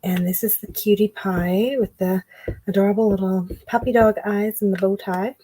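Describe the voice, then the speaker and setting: A woman giving a relaxed card-making tutorial, chatting and thinking aloud as she works. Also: medium pitch, normal speed, poor audio. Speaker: craft demonstrator.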